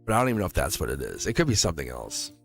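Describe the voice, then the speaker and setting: A man's voice: deep voice, wildly swooping pitch, racing, gravelly, soft background music. A middle-aged man hosting a live tarot stream, rambling in a casual, chatty way and laughing often. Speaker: tarot reader and livestream host. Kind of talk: casual livestream chat.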